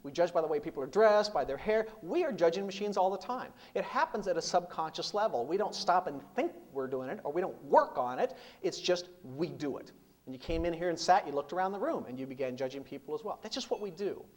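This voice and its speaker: A man's voice: on the high side, animated, quick pace, a little mellow. A middle-aged man speaking as a business speaker to a seminar audience, emphatic, with rhetorical questions and repeated punchlines. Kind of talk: live seminar talk.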